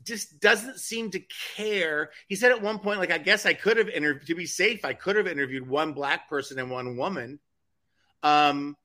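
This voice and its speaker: A man's voice: fairly high pitch, moderate pace, pushed and bright. A man co-hosting a casual talk show, rambling through indignant commentary with frequent restarts. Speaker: co-host. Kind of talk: casual chat.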